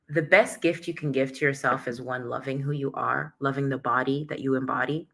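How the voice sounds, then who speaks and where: Bright-voiced woman chatting on a livestream. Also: low-pitched. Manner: chatty, emotional, greets viewers by name. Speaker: livestream host. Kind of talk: casual motivational livestream chat.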